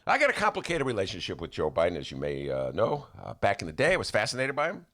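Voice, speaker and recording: A man's voice: fairly low pitch, fast talker. A man hosting a casual studio podcast, his voice swinging widely up and down as he jokes. He keeps slipping into impressions. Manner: animated, jokey, slips into impressions. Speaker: podcast host. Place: radio studio.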